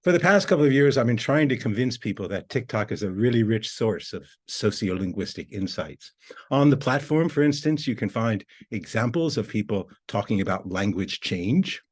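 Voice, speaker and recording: Measured male academic lecturer. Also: on the low side, animated, a little mellow, husky. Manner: measured, explanatory. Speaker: university lecturer.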